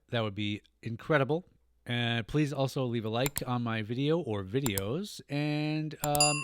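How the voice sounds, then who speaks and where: A man's voice: mid-range voice, no echo, studio quality. An American man hosting a reaction channel, chatting to camera in a rambling, self-deprecating way. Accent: General American. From United States. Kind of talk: casual chat to camera.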